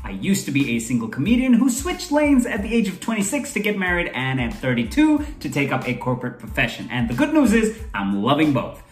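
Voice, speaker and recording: A man's voice: on the high side, wildly swooping pitch, a little fast, hardly any pauses, reverberant. A man in his thirties who grew up in Kuwait, hosting his own podcast in a chatty, self-deprecating way. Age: 30s. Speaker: podcast host. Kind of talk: casual solo podcast talk.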